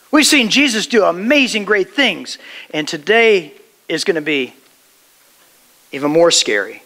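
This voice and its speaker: A man pastor preaching a sermon, retelling a scripture story with dramatic storytelling and sudden drops to a hush. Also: high voice, animated, moderate pace.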